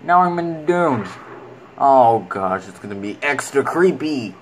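A man's voice: mid-range voice, sing-song, unhurried, a little hiss or hum, poor audio. A man giving casual commentary while playing a video game, rambling and talking fondly to the creatures on screen.

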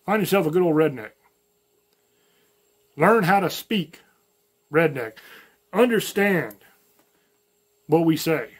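Light Southern accent, man, channel host, blunt folksy monologue, slangy, slightly high voice. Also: expressive, slow, pauses often, husky. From American South, mountains. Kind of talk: opinion monologue to camera.

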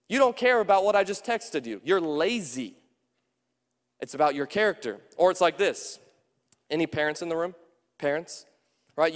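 A man, a pastor, preaches in a fairly high voice and talks with the room, asking the congregation questions and slipping into quoted voices. His voice rings with the long reverb of a church sanctuary. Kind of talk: sermon.

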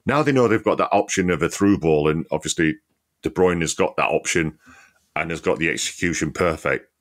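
A man's voice: low voice, a little fast. A man co-hosting a casual football podcast, talking in an easygoing way with many fillers and frequent laughs. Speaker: podcast co-host, former player.

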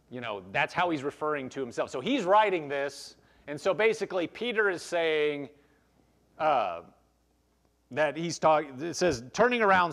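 Male pastor, high and animated, conversational sermon with scripture reading. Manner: explains verses aloud, frequent restarts. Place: church.

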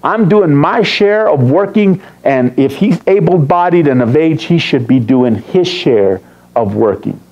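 A man's voice: fairly high pitch, lively intonation, unhurried, a little mellow, highs cut off. A man preaching a sermon as pastor, teasing and quizzing his congregation. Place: church sanctuary.

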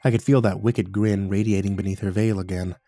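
A man reading a horror story aloud in a measured, ominous way. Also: fairly low pitch, fairly even intonation, dark tone, soft background music. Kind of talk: scripted horror narration.

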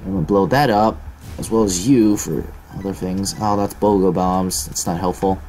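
A young gaming video host with a deep voice narrates his gameplay at a moderate pace for a let's-play. Slight background noise can be heard. He curses freely, ribs himself about his skill, and yelps excitedly when hit.

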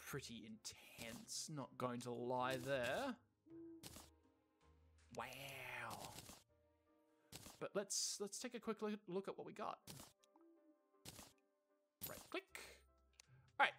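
A let's play host chatting casually and self-mockingly over gameplay, excitable and laughing often. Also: mid-range voice.

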